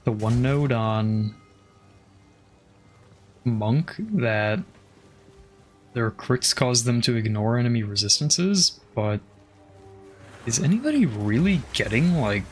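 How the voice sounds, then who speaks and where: A man's voice: mid-range voice, expressive, takes it slowly, pauses often, soft background music. A man casually commenting on his game as he plays, thinking aloud, swearing often and trailing off with fillers. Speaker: streamer.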